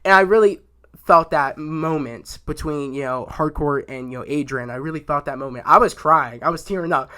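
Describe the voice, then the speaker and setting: Excitable young man rambling about a show. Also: a little high, moderate pace. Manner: rambling and excitable, many fillers and restarts. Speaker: YouTube show reviewer. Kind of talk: casual spoken review.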